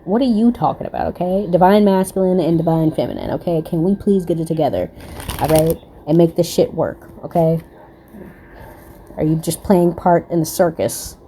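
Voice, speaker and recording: A woman's voice: fairly low pitch, moderate pace, dark tone, a little hiss or hum. A woman giving a casual tarot reading in a blunt, profane way, with laughing asides. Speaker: tarot reader.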